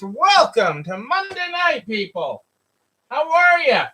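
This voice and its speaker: High, bright-voiced man hosting a livestream. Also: huge pitch swings, slow pace, a little hiss or hum, rough recording. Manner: greets viewers by name, repeats phrases. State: hiccups. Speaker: livestream host for store owners. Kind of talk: casual live-stream chat.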